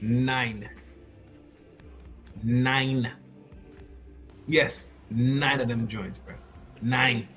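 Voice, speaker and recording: A man hosting a stream, reacting to clips with loud, profane casual commentary that repeats itself. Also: medium pitch, steady tone, drawn-out words, pauses often, faint music behind. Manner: loud, swearing, repeats himself.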